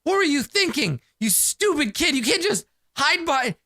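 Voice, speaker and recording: A man's voice: high-pitched, big pitch swings, normal speed, bright, forceful tone, no room sound, clean studio sound, exaggerated voice. A man voicing a panicked adventurer who swears and scolds a hurt kid. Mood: frantic yelling.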